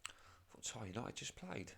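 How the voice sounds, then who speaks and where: A man giving casual play-by-play commentary on a football video game, chatty and tired, yawning now and then, jumping up in excitement at goals. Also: mid-range voice, moderate pace, vocal fry, husky. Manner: excitable over goals, chatty, apologetic asides.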